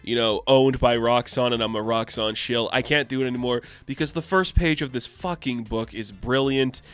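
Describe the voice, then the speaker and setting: A man reviewing a comic book in a casual vlog, excited and rambling, with frequent swearing. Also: medium pitch, moderate pace, clean tone.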